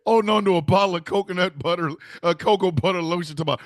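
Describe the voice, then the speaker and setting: A man's voice: high voice, animated, normal speed, a bit bright, no room sound, clean studio sound. A man hosting a casual stream, talking emphatically, swearing and laughing often. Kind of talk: casual livestream chat.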